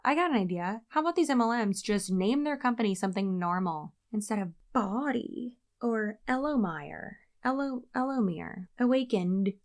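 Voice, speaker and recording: A woman's voice: fairly high pitch, expressive, normal speed, hardly any pauses. A woman talks through a reaction video with dry sarcasm and open exasperation. She mocks what she hears in a casual commentary voice.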